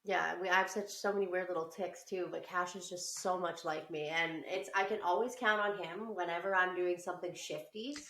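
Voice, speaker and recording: A woman's voice: lowish voice, fairly even intonation, brisk, few pauses, fairly bright tone. A woman who is a mother, chatting casually and telling a story with plenty of swearing and laughter. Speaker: podcast co-host and mother. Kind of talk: casual chat. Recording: roomy, a bit distant from the mic.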